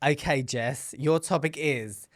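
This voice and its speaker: A woman from England with an English accent, co-hosting a casual podcast and talking in an animated, chatty way. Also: a bass voice, measured pace. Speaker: podcast co-host.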